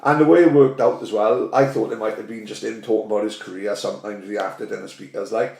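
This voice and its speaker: A man's voice: fairly low pitch, steady tone, fast, creaky, a little mellow, roomy sound. A man hosting a podcast in a casual, chatty way, swearing often and backing up his guest. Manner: swearing, chatty, many yeahs. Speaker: podcast host.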